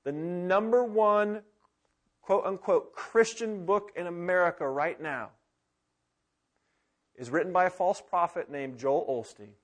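Impassioned preacher, man, higher voice. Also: measured pace, pauses often. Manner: impassioned preaching, swinging from loud urgency to hushed intimacy. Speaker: pastor. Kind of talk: sermon. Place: church sanctuary with congregation.

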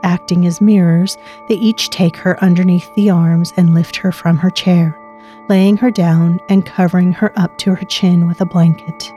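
A woman narrating a scripted story in a slow, measured way. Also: fairly low pitch, fairly even intonation, warm tone, faint music behind.

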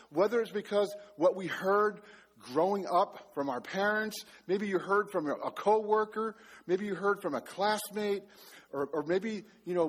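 A man's voice: high-pitched, slightly rough. A middle-aged man preaching a sermon, telling a story with self-mocking humor. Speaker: pastor.

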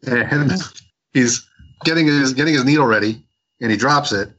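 A man's voice: medium pitch, moderate pace, fairly bright tone, muffled recording. A man co-hosting a comic book podcast, retelling a story in a rambling way with many restarts. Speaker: podcast co-host. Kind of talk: casual comic book review chat.

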